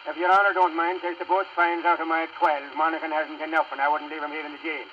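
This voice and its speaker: A man's voice: a little high, level tone, fast, a little hiss or hum, close to an everyday voice. Man doing a cheerful Irish brawler. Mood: generous. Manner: chatty brogue storytelling. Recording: muffled old record.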